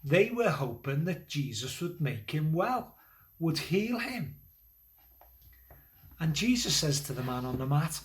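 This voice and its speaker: A man in a church role, telling a Bible story to children at a school assembly in a gentle, conversational way with pauses and fillers. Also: fairly high pitch. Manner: lively, building energy toward the climax of the story.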